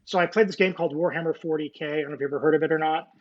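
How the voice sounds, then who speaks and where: A man's voice: on the high side, fairly even intonation, very fast. A man in his forties, a former Navy nuclear technician, telling his story in a casual interview, rambling with many fillers and restarts and joking about being a nerd. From United States. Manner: nerdy, self-deprecating. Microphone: video call. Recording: muffled video call audio.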